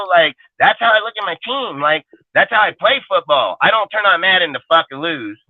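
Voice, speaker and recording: A man co-hosting a heated sports fan roundtable rants emphatically and swears constantly. His voice is on the high side and animated, at a moderate pace with hardly any pauses, recorded with a narrow, phone-like, dry sound and no echo.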